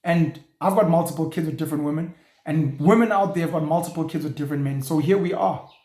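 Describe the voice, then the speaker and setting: A man's voice: fairly high pitch, fast talker, a little mellow. A man, hosting a show and ranting bluntly in an opinionated monologue, now and then swearing. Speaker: show host. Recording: echoey room.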